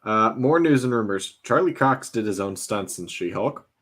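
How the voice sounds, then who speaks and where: A young man with a fairly low voice reads entertainment news as a podcast co-host. He speaks in a relaxed, casual way and pads his sentences with hesitant fillers. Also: normal speed. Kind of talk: casual chat.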